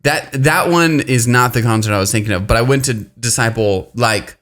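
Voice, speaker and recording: Man, podcast host, casual storytelling, animated, restarts mid-sentence, mid pitch. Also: moderate pace. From Pacific Northwest, US.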